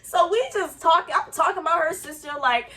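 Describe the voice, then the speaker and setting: A young woman telling a storytime on her vlog, animated and profane, full of slang and fired-up asides. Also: very high voice, fairly quick. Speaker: vlogger. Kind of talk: casual storytime. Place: Florida.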